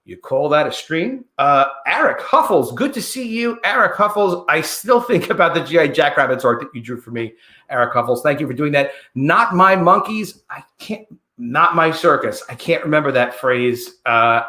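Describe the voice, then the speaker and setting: A man hosting a livestream in an echoey room, talking casually and rambling as he greets viewers by name. His pitch is a little high and jumps up and down a lot as he talks. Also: animated, moderate pace, bright, forceful tone. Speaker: livestream host.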